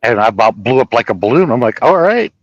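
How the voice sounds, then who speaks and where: A man telling a personal story in a rambling, profane, animated way, laughing at his own tale. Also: fairly low pitch, fast, no room sound, dull audio.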